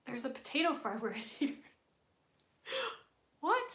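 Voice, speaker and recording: A playful woman with a high voice chats casually on a live stream, giggling and humming silly tunes between tarot readings. Her nose sounds stuffy. The sound is roomy and echoey. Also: very animated, unhurried, pushed and bright, slight background noise. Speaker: tarot card reader.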